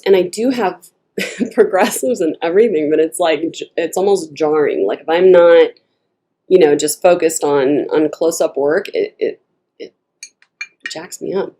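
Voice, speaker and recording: A tarot reader with a fairly low, dark voice gives her viewers a casual reading. She's chatty and wanders off topic, laughs often, and acts out quoted speech in little shifting voices.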